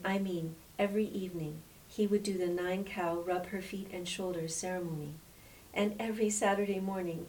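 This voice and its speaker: A woman reading as a gentle, reflective wife. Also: on the low side, close to an everyday voice. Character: gentle, transformed island wife. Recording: distant mic with faint hiss.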